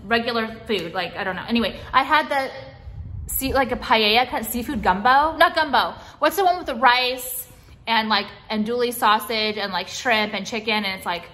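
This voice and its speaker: A woman's voice: fairly high pitch, moderate pace, bright, forceful tone. A woman vlogging a casual, exasperated rant, swearing freely and saying "like" constantly. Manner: exasperated, sweary, heavy use of "like". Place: car.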